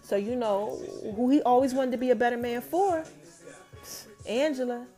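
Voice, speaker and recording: Young woman, high voice, lively recap-vlog storyteller talking to her viewers, faint music underneath. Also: moderate pace. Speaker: TV episode recapper. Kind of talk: casual TV recap.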